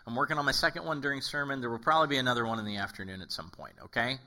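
A male pastor with a mid-range voice delivers a casual, conversational sermon at a rapid-fire pace. He's animated, acts out quoted voices, and keeps checking in with "okay?"

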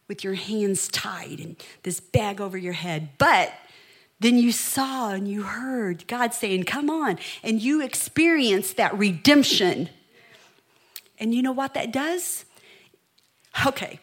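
A middle-aged woman preaching a sermon, telling a story in a hushed voice that builds to impassioned delivery. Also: on the high side.

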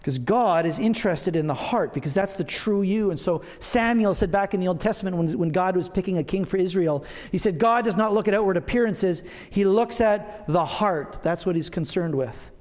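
A man's voice: high-pitched, moderate pace, hardly any pauses, a little mellow, in a large hall. A middle-aged man preaching a sermon to his congregation in a conversational, self-deprecating way, with asides of humor. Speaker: pastor. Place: church sanctuary.

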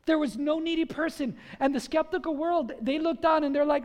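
A man preaching a sermon as pastor, lively and drawing call-and-response from the congregation, acting out little scenes. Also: very high voice, moderate pace, hardly any pauses. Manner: acts out scenes in quoted voices.

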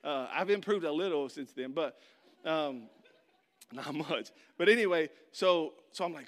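A man's voice: on the high side, a little slow. A man preaching a sermon, telling a funny story with acted-out voices and speaking directly to his listeners. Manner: animated storyteller, acts out voices and shouts; addresses the audience directly.

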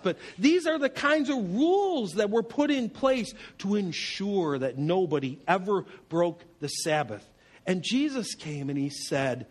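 A man preaching a sermon as pastor, animated and humorous, telling stories and asking rhetorical questions. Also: sits high, unhurried.

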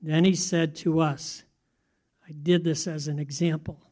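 A man's voice: fairly high pitch, flat delivery, a little slow, darkish tone. A man preaching a sermon in a conversational way, often asking his listeners questions. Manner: conversational, asks the audience questions. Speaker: pastor.

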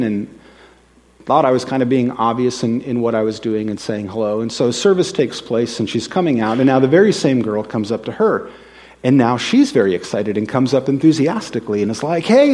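A man preaching a sermon in a church, telling stories in a relaxed conversational way and acting out quoted voices. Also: medium pitch. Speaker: pastor. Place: church sanctuary. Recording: long hall reverb.

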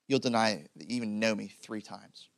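A man voicing a calm, knowing male teacher who speaks in measured words. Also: fairly low pitch, vocal fry, no echo, studio quality.

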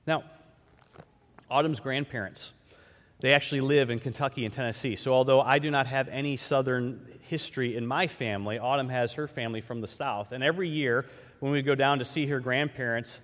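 Pastor preaching in a long-echoing hall. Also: male voice, medium pitch. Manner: conversational preaching with repeated rhetorical questions; swings between loud emphatic peaks and quiet slowed phrases. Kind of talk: sermon.

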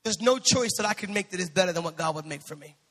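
A male pastor preaching a sermon, swinging between quiet asides and shouted, sing-song exhortation. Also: sits high, animated, fast talker. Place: church sanctuary. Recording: long church hall reverb.

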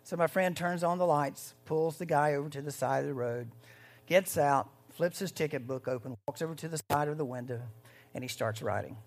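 A pastor giving a conversational sermon, swinging between loud, rising bursts and hushed moments. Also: medium pitch, fairly quick.

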